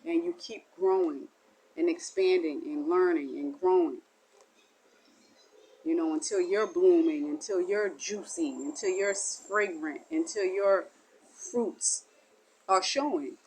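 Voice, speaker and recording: A woman's voice: on the low side, expressive, measured pace, a little mellow, a little hiss or hum, poor audio. A woman delivering a spiritual monologue as a teacher, in a meandering, repetitive and folksy way. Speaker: self-styled spiritual teacher.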